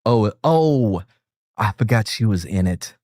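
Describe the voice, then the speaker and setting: A man's voice: fairly low pitch, animated, unhurried, a little mellow, no room sound. Guy streaming and rambling, jokey, voice bouncing all over, dry close sound. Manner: rambling, joking, chuckles often. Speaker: streamer reacting to a video with friends. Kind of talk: casual chat.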